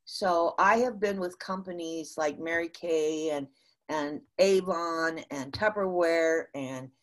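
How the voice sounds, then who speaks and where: As a guest being interviewed, an older US woman relates a business story in lively fashion, with many restarts along the way. Her voice is low-pitched.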